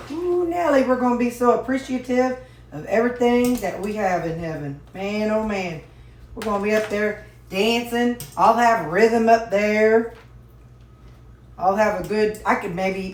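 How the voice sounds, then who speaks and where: A folksy woman talks her viewers through a home recipe, calling them y'all as she goes. Her mid-pitched voice rings in an echoey kitchen, with pots and dishes clattering behind her. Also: a little hiss or hum. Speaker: home cooking vlogger. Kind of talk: casual cooking vlog chat.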